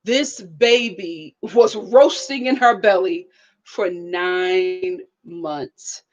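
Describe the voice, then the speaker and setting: A woman with features giving a casual live review of a reality show, speaking to her viewers in an animated, preachy way. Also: fairly low pitch, drawn-out words, highs cut off.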